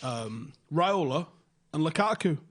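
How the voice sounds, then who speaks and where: A young man, telling a story in casual podcast chat, swearing freely and getting animated when excited. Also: a little high, slow. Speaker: podcast host.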